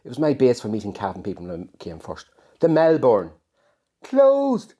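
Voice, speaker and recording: A man's voice: lowish voice, sing-song, fast talker, mellow, slightly rough. An Irish man reading his own poems outdoors, with rambling, self-mocking asides about his life. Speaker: poet reading his work. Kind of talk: poetry reading and personal storytelling. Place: outdoors on a farm.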